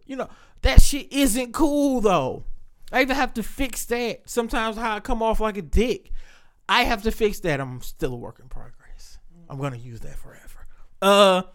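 High-voiced man, candid podcast host. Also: a bit bright. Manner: candid, profane, reflective storytelling. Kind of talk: casual podcast chat.

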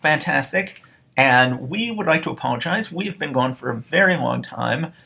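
Podcast co-host, American man, gravelly husky voice, lively pitch, casual self-deprecating chat. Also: normal speed. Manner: animated, self-deprecating, laughs often.

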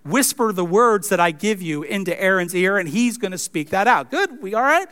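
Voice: medium pitch, expressive, moderate pace, fairly bright tone, lightly acted. A preacher voicing a patient, reassuring God. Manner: casual, plain-spoken paraphrase. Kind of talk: sermon retelling.

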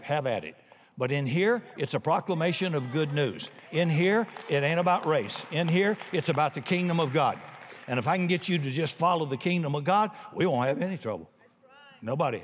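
A man preaching a sermon, telling a story and swinging between hushed moments and shouts. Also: on the high side. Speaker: pastor. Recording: long reverb of a large hall.

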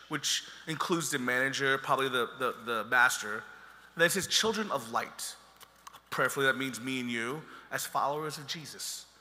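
A man with a high-sitting, bright, forceful voice preaches a sermon as pastor in a large hall. He speaks conversationally and jokes with the congregation.

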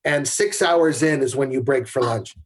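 A husky middle-aged man, a camera assistant appearing as a podcast guest, tells stories from film sets in a conversational way. His voice sits at medium pitch and moves at a moderate pace, and he shares candid anecdotes while often restarting his sentences.

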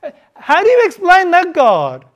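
A woman preaching a sermon in a conversational way, asking many rhetorical questions and swinging from hushed to loud. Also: extremely high pitch, huge pitch swings, normal speed, poor audio. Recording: heavy background noise.

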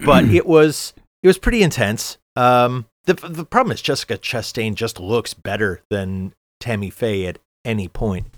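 A man's voice: mid-range voice, lively intonation, dry recording. A middle-aged man talks through a film in casual podcast chat. He stops and restarts his sentences, loading them with fillers. The sound is dry and close, with no room around it. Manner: halting, many restarts and fillers. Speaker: podcast co-host.

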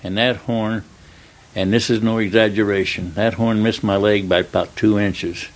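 An older man, a retired stuntman, telling a long anecdote in an interview, acting out the dialogue in plain, relaxed speech. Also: on the low side, normal speed. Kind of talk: storytelling in an interview.

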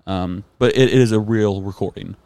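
A man co-hosting a podcast, chatting casually and joking, with loose, drawn-out delivery. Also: lowish voice, gravelly, mellow. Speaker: podcast co-host. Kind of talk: casual chat.

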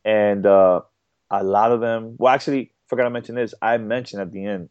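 A man talking as a podcast guest in a casual interview, halting and full of fillers and repeated words. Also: fairly low pitch, fairly even intonation, darkish tone, clear, resonant tone, dry recording. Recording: dull dry podcast audio.

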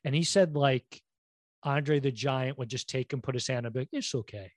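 A man in relaxed conversation tells stories with energy, full of fillers and asides. His pitch sits in the middle of the range. The recording is dry and close. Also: normal speed, no room sound. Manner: animated anecdote telling with many fillers. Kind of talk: casual chat.

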